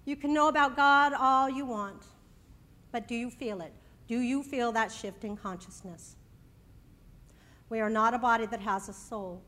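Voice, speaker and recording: A woman minister giving a sermon, then leading a slow, soothing guided breathing meditation at a church service. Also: fairly high pitch, sharp tone, big-room sound.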